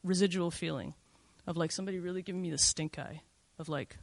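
A woman's voice: lowish voice, quick pace, vocal fry, dry recording. A middle-aged woman telling a first-person story in a candid, conversational way, full of "like" and "you know".

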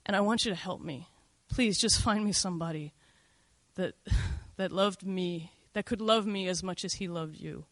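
A middle-aged woman recounts a personal story with a bright, forceful edge to her voice. She talks casually and confessionally, scattering "like" and "you know" through her sentences. The recording is close and dry, with no room sound. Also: on the low side, moderate pace, no echo. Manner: conversational, frequent "like" and "you know", candid and confessional.

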